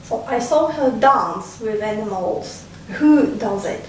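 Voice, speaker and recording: Woman leading a poem discussion, unhurried, slightly high, recorded far off in a very echoey room. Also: lively intonation, darkish tone. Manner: slow, thoughtful, prompting with questions. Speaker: discussion leader. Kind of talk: casual group discussion of a poem. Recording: echoey room, distant mic, faint noise.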